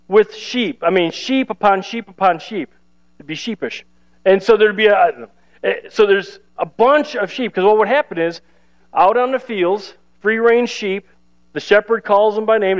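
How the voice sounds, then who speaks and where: A man's voice: sits high, highs cut off. A man pastor giving a sermon in a conversational, self-deprecating way, with playful asides. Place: church service.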